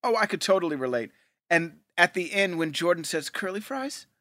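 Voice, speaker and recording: A man's voice: fairly high pitch, brisk, sharp tone, dry recording, studio quality. A man co-hosting a podcast in laid-back casual chat, slangy and saying "man" often. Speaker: podcast co-host.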